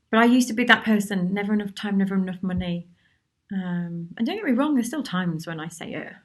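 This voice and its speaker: A woman's voice: mid-range voice, lively intonation, normal speed, pauses often. A woman hosting a casual live Q&A, chatty and encouraging, reading out viewers' comments and replying to them. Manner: chatty and encouraging, with many restarts and asides. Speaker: workshop host answering viewer questions.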